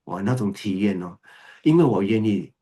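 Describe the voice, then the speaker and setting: Earnest low-voiced man teaching. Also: animated, moderate pace, dark tone. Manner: earnest, repetitive, emphatic, switches to Mandarin. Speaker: Buddhist teacher. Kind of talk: dharma talk. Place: video call recording.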